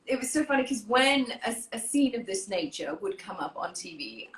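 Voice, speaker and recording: Bright-voiced woman hosting a chat, roomy. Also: a little high, big pitch swings, moderate pace. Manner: warm, earnest and laughing while telling stories. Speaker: host. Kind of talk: casual chat. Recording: roomy echo.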